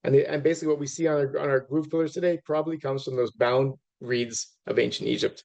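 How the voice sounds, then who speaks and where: A middle-aged man gives a relaxed, rambling lecture, often stopping to restart his sentences and turning to speak straight to his audience. His voice has a gravelly, creaky edge, and his pitch sits at an ordinary middle level for a man. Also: quick pace, lo-fi sound. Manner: conversational, many fillers and restarts, asides to audience. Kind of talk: informal lecture.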